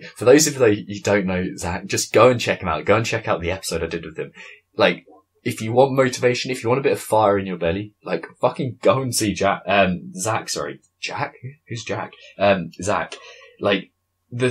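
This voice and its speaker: Deep husky-voiced man hosting a podcast. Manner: casual, rambling, swears and laughs often. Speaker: podcast host. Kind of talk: solo podcast recap. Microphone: studio podcast mic.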